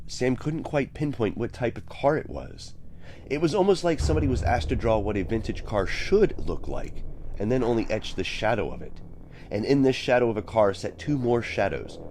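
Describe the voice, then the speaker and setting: A man reading a dramatic story aloud as narrator, with slow storytelling. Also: fairly low pitch, a little mellow, slight background noise. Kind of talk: audiobook narration.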